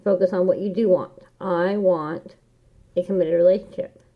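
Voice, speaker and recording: A woman's voice: lowish voice, fairly even intonation, moderate pace. A woman giving a casual tarot reading, talking in an earnest, encouraging way and repeating key phrases like a mantra. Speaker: tarot reader. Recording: dull lo-fi home recording.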